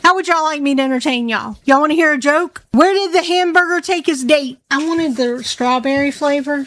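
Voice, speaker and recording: A woman's voice: high-pitched, normal speed, few pauses, fairly bright tone. A woman with a Southern US accent chatting casually and teasing on a couple's stream. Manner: chatty, teasing, folksy phrasing. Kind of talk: casual chat. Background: background music.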